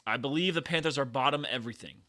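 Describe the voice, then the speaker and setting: A man co-hosting a sports podcast, blunt and animated, swearing freely. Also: mid-range voice, very fast. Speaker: podcast co-host. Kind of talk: casual sports chat.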